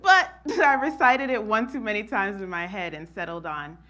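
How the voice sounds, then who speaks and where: A woman's voice: mid-range voice, moderate pace, bright, forceful tone. A woman from New Jersey performing a spoken-word monologue, telling her story expressively and laughing often. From New Jersey, USA.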